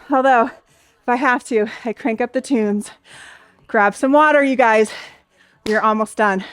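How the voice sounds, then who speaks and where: A young adult woman leads a Pilates class, cheering and counting reps while a bit out of breath. Her slightly high voice is expressive and slow, with long pauses, and there's no echo.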